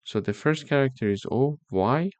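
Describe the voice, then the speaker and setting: A man teaching a programming lesson, explaining slowly step by step and checking in with "okay?" as he goes. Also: mid-range voice, darkish tone, dry recording, lo-fi sound. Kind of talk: screen-recorded coding tutorial.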